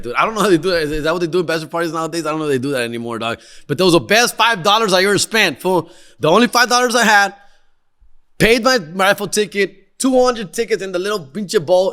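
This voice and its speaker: A young man tells wild stories on his podcast, slangy and excitable, dropping Spanish in as he goes. His voice is forceful and tense. It sits a touch higher than most men's. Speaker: podcast host. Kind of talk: casual storytelling.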